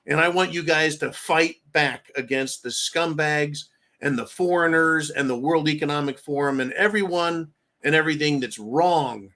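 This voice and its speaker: An American man hosting a live stream, ranting loudly with crude insults between reading out donations. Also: on the high side, normal speed. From United States.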